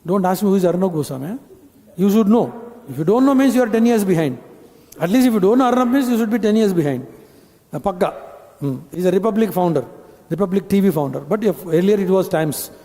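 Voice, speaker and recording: A man's voice: sits high, lively intonation, fast, mellow. A man with an Indian English accent leading a live communication-skills training and quizzing his audience. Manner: instructive, addresses the audience with questions. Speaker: corporate trainer. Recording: long hall reverb.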